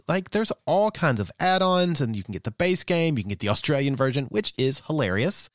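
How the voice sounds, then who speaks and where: A man's voice: a little high, big pitch swings, a little fast, few pauses, no room sound, clean studio sound. A man hosting a podcast in casual chat, joking playfully while reading sponsor ads. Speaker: podcast host.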